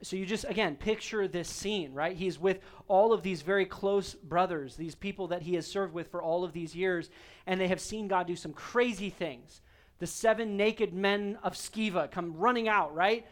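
A man's voice: sits high, moderate pace. A male pastor preaching a sermon in an earnest, emphatic way, repeating key phrases for weight.

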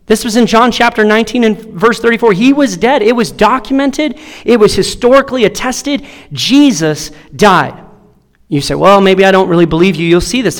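High-voiced pastor preaching in a hall. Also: male voice. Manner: impassioned preaching with repeated rhetorical questions. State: strained voice. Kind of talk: sermon. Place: large church sanctuary.

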